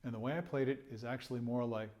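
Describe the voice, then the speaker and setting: A man at an ordinary pitch talks through a music lesson as a trumpet teacher. He explains patiently and sings rhythms aloud on nonsense syllables. He chuckles between points. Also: fast talker, darkish tone.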